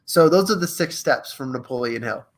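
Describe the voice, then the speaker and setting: A young man hosting a live coaching stream, energetic and playful, reading passages aloud and chatting directly to his viewers. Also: medium pitch, normal speed. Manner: energetic, playful, reads aloud from a book and retells movie scenes. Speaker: host of a live social media show.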